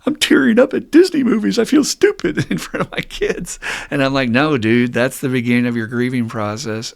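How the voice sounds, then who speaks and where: A middle-aged man hosting a podcast as a therapist, talking candidly and bluntly with some swearing, getting loud and animated when he makes a point. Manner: animated, rising loud and high when mimicking people. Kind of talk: casual podcast monologue.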